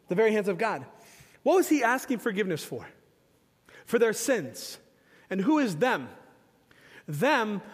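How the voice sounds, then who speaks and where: A high-pitched male pastor preaching with fervent emphasis, repeating his phrases as he builds each point. His voice carries a long reverb from a large church sanctuary. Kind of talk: sermon.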